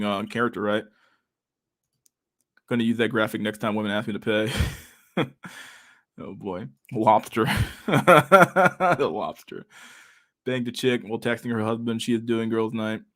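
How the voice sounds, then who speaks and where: A man's voice: mid-range voice, fairly bright tone. Profane, laid-back man chatting. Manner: loose, profane, laughs often, reads chat aloud. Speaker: streamer reading chat. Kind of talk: casual chat.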